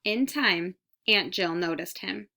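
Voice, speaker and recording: A woman narrating a children's storybook aloud, reading clearly at an even pace. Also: medium pitch, takes it slowly. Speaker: audiobook reader.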